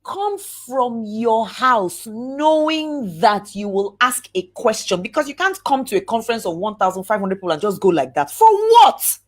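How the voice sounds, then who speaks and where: A woman giving a lively motivational talk, acting out examples and drawing out words for emphasis. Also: on the high side. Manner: animated, acts out examples, slow drawn-out emphasis. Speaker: speaker coaching on networking.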